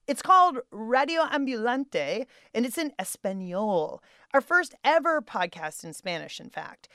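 A woman's voice: a bit bright, clean tone, dry recording, studio quality. A woman hosting a podcast show in a bubbly, playful radio manner. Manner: bubbly and playful, with big swoops in pitch.

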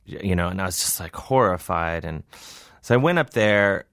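A comedian tells a rambling, self-deprecating story in a casual interview. His voice is very low, and the recording sounds dry and close. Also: lively intonation, normal speed, a bit bright, dry recording. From Cleveland. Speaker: comedian guest.

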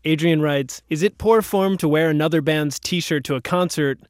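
A man's voice: on the high side, moderate pace, no room sound, clean studio sound. A man co-hosting a radio interview, making wry joking asides and reading audience questions. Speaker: radio show co-host. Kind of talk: casual interview chat.

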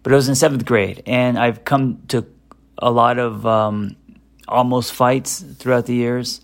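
A man's voice: medium pitch, steady tone, measured pace, gravelly. A middle-aged man, a therapist, musing candidly in a casual self-help monologue, hesitant with many fillers and restarts. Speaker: therapist and podcast host.

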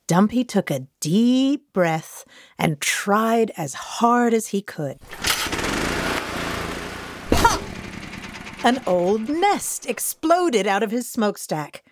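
A woman reading a children's picture book aloud with a co-reader, animated and playful. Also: medium pitch, slow. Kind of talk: children's storybook read-aloud.

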